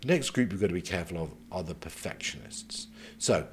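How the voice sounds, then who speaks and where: A man speaking as a career mentor, giving advice in a measured, conversational way and taking his points one at a time. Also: low-pitched, lively intonation, a little hiss or hum.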